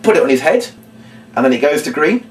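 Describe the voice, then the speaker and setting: A man explaining a children's party routine and acting out what he says to the kids, with big bursts of shouting. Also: a little high, fast talker. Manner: animated, acts out lines to children with big shouts. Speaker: children's entertainer teaching a routine. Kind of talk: instructional talk with acted demonstrations. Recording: voice from a distance off the mic.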